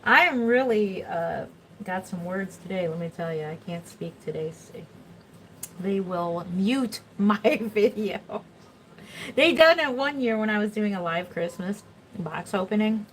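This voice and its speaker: A chatty middle-aged woman talks through a livestream at an easy, even pitch, rambling from one story to the next and laughing often. Faint room noise sits behind her voice. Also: moderate pace, rough recording. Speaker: reborn doll artist. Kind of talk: casual livestream chat.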